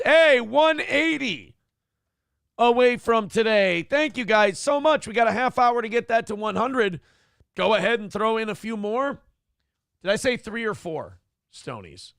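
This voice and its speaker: A man's voice: high voice, a bit bright, clear, resonant tone, no echo, clean studio sound. A man hosting a morning talk show, ranting in a casual, profane, exasperated way.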